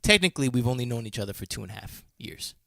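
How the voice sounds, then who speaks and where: A man's voice: mid-range voice, animated, very fast, creaky, sharp tone, dry recording, clean studio sound. A man co-hosting a casual podcast chat, telling stories animatedly, laughing often and swearing casually. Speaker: podcast co-host.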